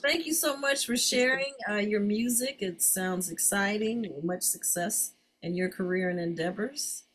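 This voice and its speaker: A woman's voice: mid-range voice, unhurried, hardly any pauses, a bit bright, poor audio. A woman hosting an online community panel, asking questions with many ums and encouraging words. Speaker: host.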